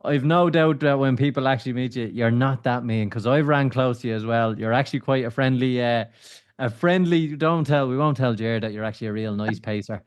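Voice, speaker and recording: A man's voice: mid-range voice, brisk, clear, resonant tone. A man hosting a podcast, wrapping up with an enthusiastic thank-you to his guest. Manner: enthusiastic, praising. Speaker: podcast host. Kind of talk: casual chat.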